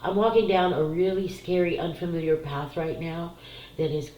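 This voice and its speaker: A woman's voice: on the low side, normal speed, echoey room, lo-fi sound, slight background noise. Tearful, candid woman talking spiritually. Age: middle-aged. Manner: candid, emotional, swears freely. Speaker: psychic doing card readings. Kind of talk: casual spiritual talk to camera.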